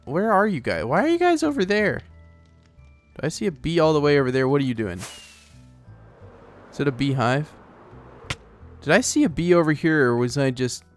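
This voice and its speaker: A man's voice: a little high, big pitch swings, moderate pace, pauses often, faint music behind. A man hosting a let's play, chatting casually and rambling as he plays, often talking to the animals in the game. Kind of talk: casual gameplay commentary.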